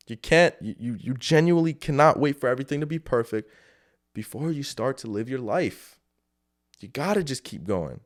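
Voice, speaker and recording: Male solo podcast host, mid-pitched, casual and profane, rambling motivational delivery. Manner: loose, rambling, frequent swearing and fillers. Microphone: camera setup.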